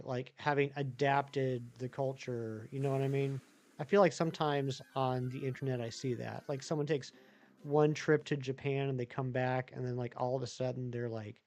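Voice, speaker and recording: A man live-streaming a game, chatting casually with viewers in a rambling way with many fillers. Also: mid-range voice.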